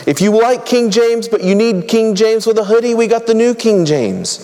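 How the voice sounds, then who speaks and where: A man's voice: high voice, animated, normal speed, dark tone, big-room sound. A man preaching a sermon in a conversational, humorous way, rattling off long lists.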